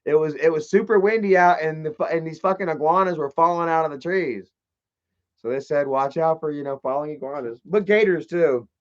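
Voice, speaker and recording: Male streamer, slightly high voice, rambling and profane, muffled lo-fi audio. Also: fairly quick. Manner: rambling, swears casually, shouts out chat viewers. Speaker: livestream host. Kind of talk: casual livestream chat.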